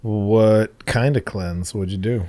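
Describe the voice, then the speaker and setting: A man's voice: on the low side, takes it slowly, warm tone. Man trading dry, teasing banter. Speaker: comedian and podcast co-host. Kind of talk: casual podcast chat.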